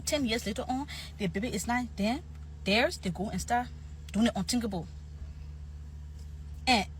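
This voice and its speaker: A woman's voice: a little high, a bit bright, slight background noise, poor audio. A woman with an African accent giving an emphatic opinion commentary, often repeating herself for stress.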